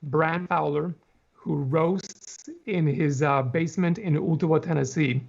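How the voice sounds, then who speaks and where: A man's voice: on the high side, measured pace, gravelly. A man, a pastor, chatting casually and enthusiastically on a video call, born on an island outside America. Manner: animated, enthusiastic, with restarts. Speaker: pastor and guest. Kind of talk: casual livestream chat. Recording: dull lo-fi video call audio.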